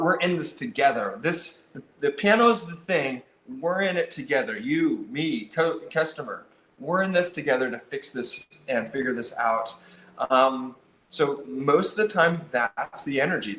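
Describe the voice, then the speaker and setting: A man's voice: mid-range voice, a bit bright, echoey room, a little hiss or hum. A man teaching piano technicians about customer service, talking with energy and acting out phone calls and visits. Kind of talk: instructional talk.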